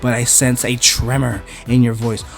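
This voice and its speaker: A man's voice: medium pitch, little pitch movement, moderate pace, gravelly, lightly acted. A man voicing an arrogant male hellspawn warrior, speaking in a taunting, grandiose way.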